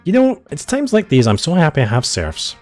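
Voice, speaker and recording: Guy putting on a sugary spoiled mermaid princess, sing-song and high, faint music behind. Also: wildly swooping pitch, a little fast. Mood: smug. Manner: sweet sing-song, gushing.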